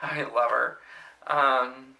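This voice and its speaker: A man's voice: mid-range voice, steady tone, extremely slow, creaky. A young man telling stories from his work as a nursing assistant in a rambling casual way, full of "like" and "um". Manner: chatty, rambling, frequent "like" and "um" fillers; mimics patients in loud exaggerated voices. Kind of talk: casual storytelling vlog.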